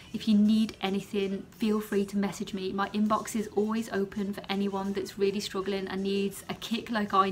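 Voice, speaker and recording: Young British woman, student nurse vlogger, heartfelt and encouraging, repeats herself, faint background hiss. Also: medium pitch. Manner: earnest, encouraging, repeats phrases. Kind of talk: heartfelt direct-to-camera vlog.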